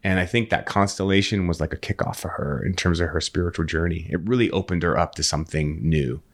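Speaking quickly in a low register, a man on a podcast tells an earnest, lively story in casual conversation. He tends to restart thoughts, repeating words along the way.

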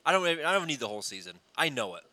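A man's voice: a little high, sing-song, racing, bright, forceful tone. A man in his thirties co-hosting a casual sports show, brash and opinionated, swearing freely. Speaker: podcast co-host. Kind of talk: casual sports radio chat.

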